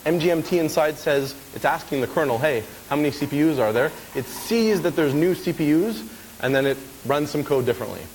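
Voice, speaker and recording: A man's voice: a little high, expressive, a little fast, a little mellow. Casual man demoing live in a hall. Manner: casual, chatty, keeps checking in with the audience. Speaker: conference speaker. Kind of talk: live technical demo talk. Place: conference lecture hall. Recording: reverberant hall with faint hiss.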